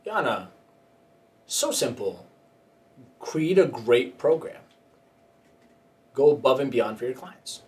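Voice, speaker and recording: A man's voice: mid-range voice, animated, slow, long pauses, darkish tone, distant mic. A man hosting a coaching podcast, talking in casual banter, joking and laughing often and slipping into mock voices while he gives advice.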